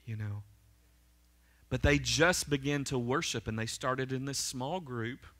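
A man's voice: medium pitch, a little slow, fairly bright tone. A man preaching a sermon as pastor to his congregation, emphatic and fervent, often checking in with "right?" and "amen?". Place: church sanctuary.

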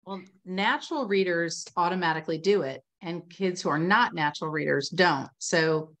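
A chatty woman on a video call, her voice sitting on the lower side. She talks in an animated, storytelling way, peppered with fillers. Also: normal speed. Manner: chatty, lots of "you know" and "like", animated storytelling. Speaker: reading instruction expert. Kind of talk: casual webinar conversation.

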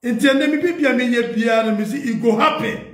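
Ghanaian guy pleading hard w party folks, kinda high voice, echoey room. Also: fairly quick. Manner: earnest, pleading, repetitive. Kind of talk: impassioned appeal, Twi mixed with English.

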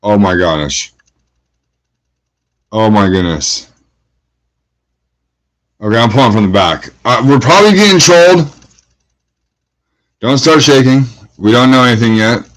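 A man's voice: medium pitch, lively intonation, a little slow, long pauses, low-quality recording. A man hosting a trading card break, calling out each card and greeting viewers, getting hyped at big pulls. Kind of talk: live card-breaking commentary.

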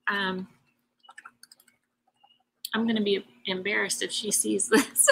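A woman's voice: medium pitch, fairly even intonation, measured pace, gravelly, long pauses, pushed and bright, a little hiss or hum, rough recording. A woman hosting a craft show, chatting casually and emotionally to her live viewers, rambling in a heartfelt way. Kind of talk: casual live-stream chat.

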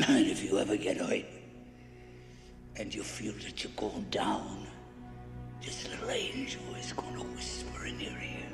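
An actor playing a gruff, devoted old boxing trainer who talks in rough street slang. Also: male voice, on the low side, huge pitch swings, a little slow, long pauses, heavily acted. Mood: heartfelt. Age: older. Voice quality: gravelly. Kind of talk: film drama acting. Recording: echoey room with score music.

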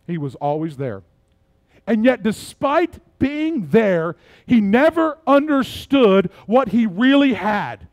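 A middle-aged male pastor preaching a sermon, swinging between soft, low passages and loud, emphatic ones. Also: very animated, takes it slowly, no echo.

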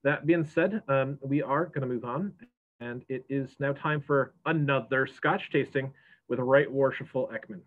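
A man's voice: medium pitch, normal speed. Easygoing male host on a thin, phone-like call line, talks in loose asides. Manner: chatty, rambling with fillers. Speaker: moderator. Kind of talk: casual event hosting. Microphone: video call. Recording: tinny call audio.

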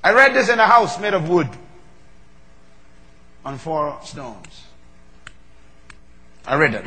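A man preaching a sermon, moving from low, measured talk to loud, fervent preaching. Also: sing-song. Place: large hall. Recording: long reverb of a large hall.

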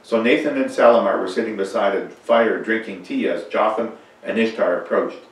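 Man, storybook reading, expressive, low pitch, heavy church echo. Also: moderate pace. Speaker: reader. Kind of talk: reading a children's story aloud. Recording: echoey church from far off.

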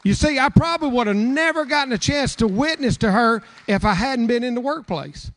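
A man's voice: very high voice, animated, a little fast, a bit bright. A man pastor giving informal closing remarks at a church service, talking in a rambling way full of stumbles and repeated words.

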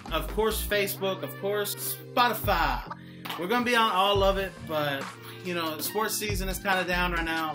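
A young man talking casually to the camera, joking and rambling with lots of "like" and "y'all". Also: high-pitched. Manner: rambling, joking, heavy use of "like". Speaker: vlogger. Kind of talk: casual monologue.

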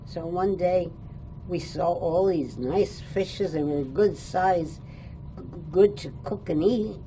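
An older woman born in Italy recalls her childhood in an interview at a care home, chuckling now and then. She speaks very slowly, with a mellow, slightly low voice. A faint hiss sits behind her. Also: rough recording. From born in Italy, raised in New York State. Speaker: oral history interviewee. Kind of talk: reminiscing storytelling.

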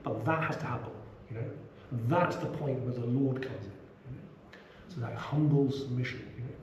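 A middle-aged man leading a relaxed scripture class, chatty, with many asides and repeated "you know"s. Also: mid-range voice, normal speed. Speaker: scripture teacher. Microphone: small action camera. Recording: roomy room, faint background hum.

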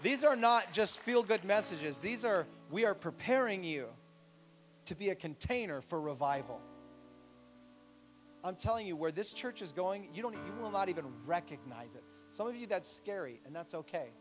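A man who pastors a church, preaching a sermon with animated stories and emphatic appeals. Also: sits high, normal speed, soft background music, rough recording. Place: church sanctuary.

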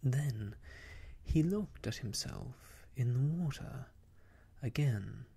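A man reading a children's story aloud as an ASMR storyteller, in a soft, halting whisper. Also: mid-range voice, expressive. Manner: soft, halting, breathy phrasing.

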